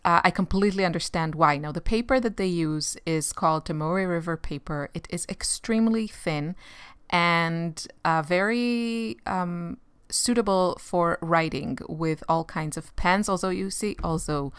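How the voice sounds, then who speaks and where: A woman's voice: on the low side, unhurried, fairly bright tone, smooth, dry recording. A woman art vlogger chatting casually while she sketches, rambling with many fillers and frequent laughs.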